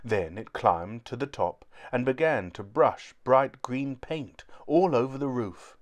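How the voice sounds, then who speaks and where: A man reading a children's book aloud in a clear, steady storytelling manner. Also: mid-range voice, takes it slowly.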